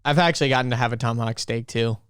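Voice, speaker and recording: A man co-hosting a podcast in casual chat, joking around with his co-host and quick to laugh. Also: medium pitch, fairly bright tone, smooth, no room sound, studio quality.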